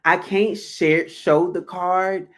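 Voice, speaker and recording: A woman tarot reader chatting casually on a stream. She tells stories with lively swings in pitch and slips into quick acted-out lines of dialogue. Her laughter breaks in often. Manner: animated storyteller, acts out little dialogues, laughs often. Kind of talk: casual spiritual chat.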